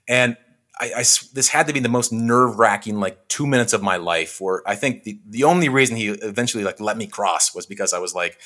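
A young man from Western Washington, a film editor, telling a story in a casual interview, full of "likes" and quick restarts, acting out the people he quotes. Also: on the low side. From Western Washington, USA. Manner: animated storyteller who acts out quoted exchanges; frequent likes and self-restarts.

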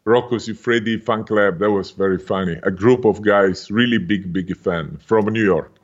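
A man in his fifties from Italy, speaking animated, broken English with an Italian accent as a podcast guest. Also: fairly low pitch, normal speed, muffled recording. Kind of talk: casual interview chat.

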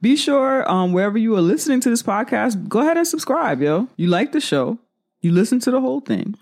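A woman's voice: on the high side, very animated, a little fast, darkish tone. A woman co-hosting a podcast in casual chat, easygoing and agreeable, backing up her co-host with short replies.

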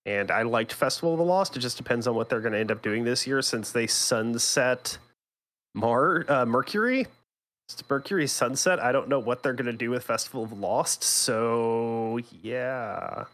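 A man's voice: medium pitch, moderate pace, a bit bright. A man co-hosting a gaming podcast in casual chat, teasing and rambling with frequent restarts. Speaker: podcast co-host.

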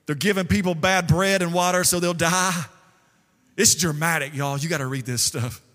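A male pastor preaching a sermon, telling stories lively and acting out the quotes. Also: fairly high pitch, normal speed. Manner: lively storytelling with acted quotes. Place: church sanctuary. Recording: long hall reverb.

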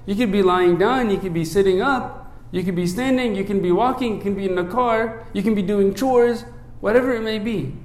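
A man who is a priest, preaching a sermon in an earnest way, often checking in with "right?" and dropping low and soft when he recites a prayer. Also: fairly quick, hardly any pauses, roomy sound. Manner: earnest, asks many rhetorical "right?" checks.

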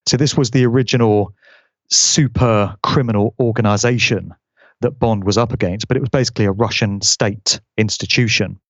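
Measured low-voiced man, lo-fi. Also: fairly even intonation, no echo. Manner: measured, explanatory. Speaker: guest commentator. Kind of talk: conversational commentary. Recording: dull lo-fi audio.

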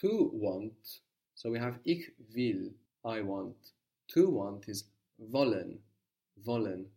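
A man's voice: fairly low pitch, animated, slow, dark tone, recorded from a distance. A man teaching an audio language lesson, patiently prompting a student and repeating the answers.

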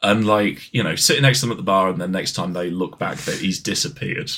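A man co-hosting a podcast, chatting casually in an animated, playful way, with asides and restarts. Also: sits low, fairly quick, slightly rough. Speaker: podcast co-host. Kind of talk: casual banter.

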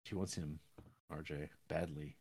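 Speaking unhurriedly with a fairly even intonation, this man sounds husky and a little mellow. He's loosely retelling a film's story, restarting sentences and padding with fillers, and he leaps up in pitch to voice the characters' dialogue.

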